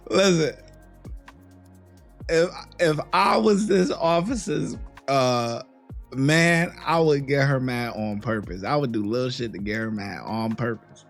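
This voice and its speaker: A man's voice: medium pitch, measured pace, creaky, faint music behind. A man hosting a reaction video, giving laid-back, slangy commentary and laughing often. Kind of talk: casual commentary on bodycam footage.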